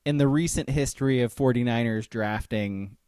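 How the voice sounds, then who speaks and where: A man's voice: medium pitch, moderate pace, darkish tone, smooth, dry recording, clean studio sound. A man co-hosting a sports podcast, wry and teasing as he runs the segments in casual chat. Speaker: podcast co-host.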